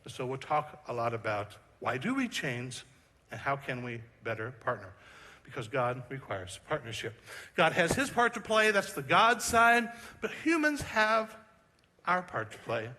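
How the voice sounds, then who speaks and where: A man preaching a sermon as pastor, animated and joking with the congregation, slowing down for emphasis. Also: medium pitch. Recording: hall reverb.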